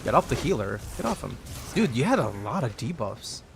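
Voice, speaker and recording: Animated male game streamer over music. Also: mid-range voice, fairly quick, vocal fry. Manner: animated, joking, talks to his game and chat. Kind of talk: casual gameplay chat.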